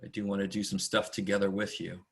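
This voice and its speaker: A gravelly, low-voiced man with a level tone gives a casual online math lecture. He rambles and chats, is self-deprecating, and speaks rapidly for much of it.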